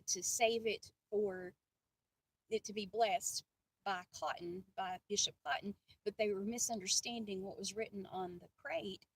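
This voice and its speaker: A woman from the American South, giving a casual, chatty devotional talk full of asides and self-deprecating jokes. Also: medium pitch. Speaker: faith vlogger. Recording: distant mic with faint ambient noise.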